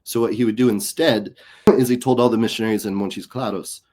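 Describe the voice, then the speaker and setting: A man with a fairly low voice tells stories as a comedian guest, chatting casually on an interview show. He acts out the voices of people he quotes. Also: fairly even intonation, fairly quick, a little mellow. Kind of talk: casual storytelling chat.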